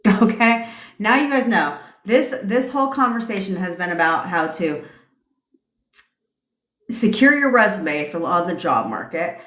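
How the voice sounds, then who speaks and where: A woman's voice: mid-range voice, animated, measured pace, a bit bright. A woman hosting a live stream, telling stories in a brash, profane, casual rant. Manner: profane, brash storytelling with frequent laughs. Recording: echoey room.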